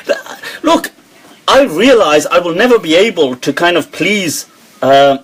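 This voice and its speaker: A man hosting a live Q&A, talking in an animated way, quoting others and laughing often. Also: high voice, measured pace, breathy edge, low-quality recording. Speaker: host. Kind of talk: live Q&A talk. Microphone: webcam or phone on a live stream.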